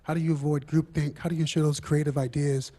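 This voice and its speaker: A man's voice: a little high, level tone, fast, warm tone. A man in the audience asking direct, pointed questions. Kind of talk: question from the floor.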